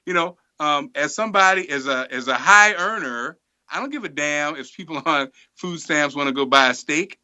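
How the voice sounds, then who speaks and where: A man's voice: a little high, brisk, highs cut off. A man hosting a live studio talk show in a casual, emphatic way that gets heated. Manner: animated, emphatic, gets fired up. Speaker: host.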